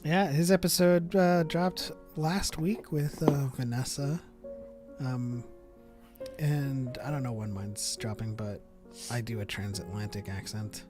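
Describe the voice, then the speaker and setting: A man's voice: medium pitch, flat delivery, a little slow, music in the background. A man hosting a casual live podcast chat, rambling with lots of fillers. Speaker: podcast host.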